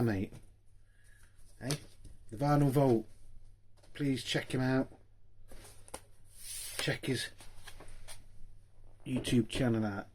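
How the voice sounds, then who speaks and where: A man's voice: medium pitch, darkish tone. An older man, talking casually to viewers in a vlog, emotional and grateful, repeating his thanks with many fillers. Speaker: vinyl collector vlogger.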